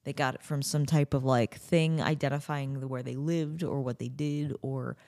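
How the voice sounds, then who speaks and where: A woman hosting a podcast in a casual, chatty way, playful and quick to break into silly asides. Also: rumbling low, fairly even intonation, creaky, mellow. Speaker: podcast host. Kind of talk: casual chat.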